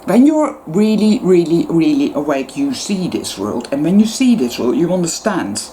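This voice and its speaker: A woman's voice: low-pitched, very animated, moderate pace, mellow, slight background noise. A woman YouTuber giving an impassioned spiritual monologue, swearing heavily and repeating words for emphasis.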